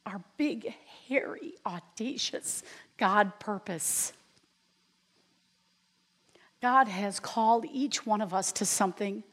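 A woman preaching a sermon in a church, earnest and deliberate, sometimes dropping to a near-whisper. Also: medium pitch. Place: church sanctuary. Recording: long reverb in a large hall.

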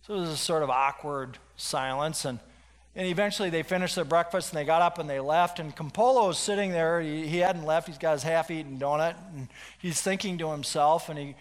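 High-voiced animated preacher in a hall. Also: male voice, a little fast. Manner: animated storyteller with restarts. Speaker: pastor. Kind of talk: sermon storytelling. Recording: long hall reverb.

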